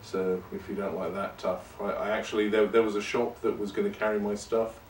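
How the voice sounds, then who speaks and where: Lowish guy rambling through a podcast, joking at his own expense, kinda far from the mic. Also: flat delivery, fairly quick, a little mellow, a little hiss or hum. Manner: rambling and self-deprecating. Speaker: podcast host. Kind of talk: casual monologue. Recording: roomy and distant from the mic.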